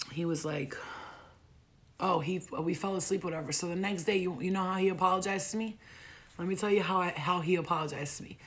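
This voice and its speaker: Gravelly-voiced woman swearing through a story. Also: lowish voice. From United States. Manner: profane, animated, laughs often, heavy slang. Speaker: vlogger telling a personal story. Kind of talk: casual storytelling.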